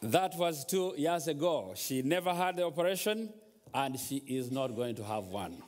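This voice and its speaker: A man's voice: medium pitch, big pitch swings, moderate pace, a little hiss or hum. A man preaching a sermon as a guest, telling a story and then urging the congregation to speak to their troubles. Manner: storytelling, rising to exhortation. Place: large church hall. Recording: long church hall reverb.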